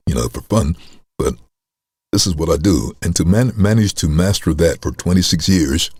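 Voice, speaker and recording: A middle-aged man, a voice-over artist, telling stories in a casual interview with a very deep chest voice, acting out quoted lines. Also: husky, no room sound, clean studio sound. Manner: animated storyteller, acts out voices.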